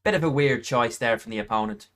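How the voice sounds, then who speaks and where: A man's voice: medium pitch, big pitch swings, fast, creaky, fairly bright tone. A man commentating his own card game play, thinking aloud and counting points under his breath. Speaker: gaming YouTuber.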